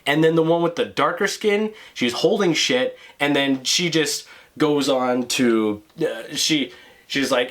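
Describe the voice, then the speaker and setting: A man's voice: a little high, a little slow, a bit bright. A man telling a personal story in a casual monologue, swearing freely and stumbling over restarts. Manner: profane, rambling with stammered restarts. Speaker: vlogger.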